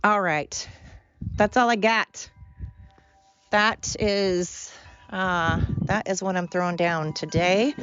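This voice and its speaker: A woman's voice: lowish voice, steady tone, takes it slowly, pauses often, a bit bright, dull audio, a little hiss or hum. A tired woman hosting her podcast at home, talking in a rambling, candid monologue. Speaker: podcast host. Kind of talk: casual personal monologue. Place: at home with pets.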